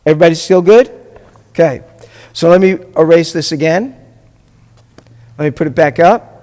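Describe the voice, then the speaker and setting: A man's voice: a little high, moderate pace, darkish tone, long reverb tail. A man teaching a Hebrew class as a rabbi, patiently spelling things out and checking in often with his students. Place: classroom or hall with a live class.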